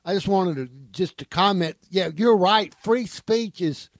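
A man's voice: high voice, a little slow, no room sound, clean studio sound. A man co-hosting a talk show, commenting hesitantly. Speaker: co-host.

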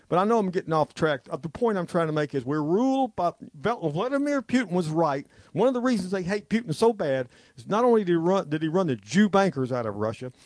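A man's voice: a little high, darkish tone, no room sound. A man hosting a talk show, ranting in an agitated, rambling way and repeating himself. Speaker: radio talk show host.

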